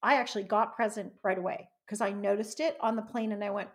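A woman hosting a podcast interview in a casual, animated way, laughing often. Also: fairly high pitch, fast, hardly any pauses. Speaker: podcast host.

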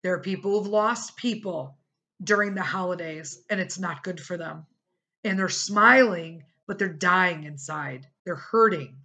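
A middle-aged woman hosting a podcast, telling a personal story casually and animatedly, acting out what other people said. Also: a little slow. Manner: animated, acts out quoted people with big pitch jumps. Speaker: podcast host.

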